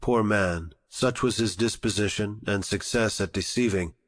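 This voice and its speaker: Low-voiced man reading with a long echo. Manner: measured, formal reading. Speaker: audiobook narrator. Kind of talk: scripted audiobook narration.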